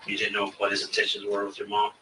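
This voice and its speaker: A man investigating a case, questioning a witness in a recorded interview with steady, probing questions. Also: on the low side, fast. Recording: distant mic with faint hiss.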